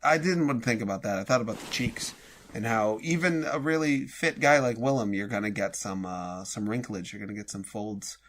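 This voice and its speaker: A man co-hosting a comedy podcast, rambling in mock-serious banter with many pauses and fillers. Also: fairly low pitch, fairly bright tone. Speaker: podcast co-host.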